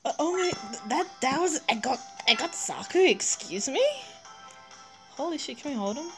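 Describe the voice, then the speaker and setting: A woman reacts live to card pulls in a mobile game, her voice leaping up high and swinging wildly in pitch as she gushes. She talks casually to the viewer and mutters to herself between bursts of delight. Game music plays softly behind her. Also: moderate pace. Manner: excitable, gushing, squealing and laughing. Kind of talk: live gacha reaction commentary.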